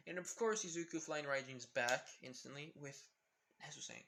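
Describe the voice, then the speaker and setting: A man's voice: fairly high pitch, expressive, moderate pace, pushed and bright, slight background noise. A young man casually improvising a fan story, rambling with many fillers. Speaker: fan fiction narrator.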